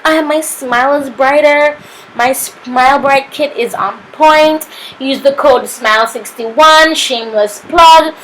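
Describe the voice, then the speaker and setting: A woman's voice: a little high, a bit bright, a little hiss or hum, rough recording. A young woman with a Jamaican accent narrating a makeup tutorial, sassy and playful, tossing in "honey" and "papito" as she goes. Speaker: makeup artist.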